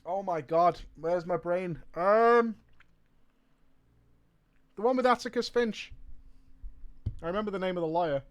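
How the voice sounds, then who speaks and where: A man's voice: high voice, measured pace, pauses often. Brief: guy chatting on stream, loose and sweary, trailing off mid-thought. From United Kingdom. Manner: rambling, swears freely, trails off searching for words. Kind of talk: casual chat while gaming.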